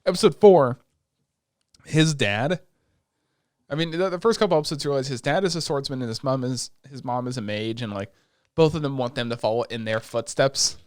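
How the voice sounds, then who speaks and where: A man co-hosting a podcast, chatting casually and excitedly with plenty of swearing as he retells scenes. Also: mid-range voice, fairly quick, clear, resonant tone, no room sound, studio quality. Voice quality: excitable, profane, retells scenes in quoted voices. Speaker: podcast co-host. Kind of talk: casual chat recapping an anime.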